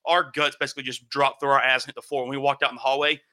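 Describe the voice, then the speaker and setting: A young man casually telling a long, animated story, swearing and acting out what people said. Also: mid-range voice, very fast. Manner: animated, swearing, acts out quotes.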